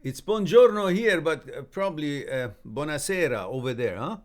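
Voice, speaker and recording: A man's voice: on the high side, animated, moderate pace. A man from Canada hosting a live stream, reading viewer comments aloud with chuckles and upbeat asides. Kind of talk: casual live-stream chat.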